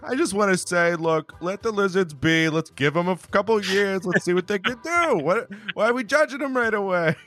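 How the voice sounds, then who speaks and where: A man voicing an excitable male sports-radio caller who pleads to give the lizards a chance. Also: high-pitched, moderate pace, hardly any pauses, faint music behind, pitched above the performer's own voice. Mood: pleading.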